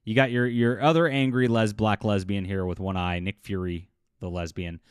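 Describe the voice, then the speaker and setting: A man talks straight to his audience in a loose, mocking commentary, scoffing and chuckling as he goes. His voice sits on the low side, and the sound is dry and close with no room around it. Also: fairly even intonation, normal speed, smooth, no room sound. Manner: scornful, mocking, laughs often, many fillers. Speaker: YouTube commentator. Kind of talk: casual commentary vlog.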